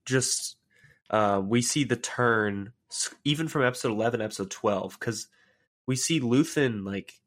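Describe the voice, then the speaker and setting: A man co-hosting a casual fan podcast, retelling scenes excitedly with lots of filler words. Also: mid-range voice, unhurried. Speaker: podcast co-host.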